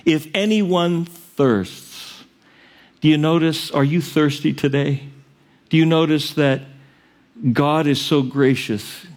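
A man preaching a sermon as pastor, earnest and direct, rising to loud cries on the quoted verses. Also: fairly high pitch, flat delivery, a little slow.

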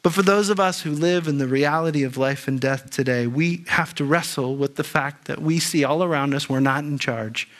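A man's voice: fairly high pitch, moderate pace, few pauses, fairly bright tone. A male pastor preaching a sermon earnestly, often repeating and restarting words. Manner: earnest, with frequent word repetitions and restarts.

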